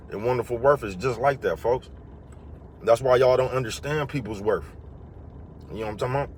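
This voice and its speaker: A man's voice: mid-range voice, slight background noise. A man vlogging a casual motivational monologue, rambling and slangy, and he keeps repeating his catchphrases.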